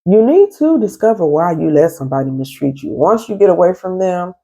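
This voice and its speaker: A therapist speaks to her viewers from her apartment in a stern, emphatic way. Her voice is fairly low, dark and husky. Her pitch swings widely as she presses each point home. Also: expressive, a little fast. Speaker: therapist and life coach. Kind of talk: casual advice vlog.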